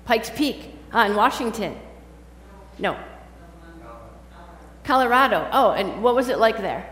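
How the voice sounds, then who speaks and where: A woman's voice: fairly high pitch, lively intonation, measured pace, a bit bright. A woman reading scripture and then giving a conversational sermon in a church, chatting with the congregation and asking them questions. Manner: chatty, quizzes the congregation directly. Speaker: preacher. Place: large church sanctuary. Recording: echoey hall with faint hum.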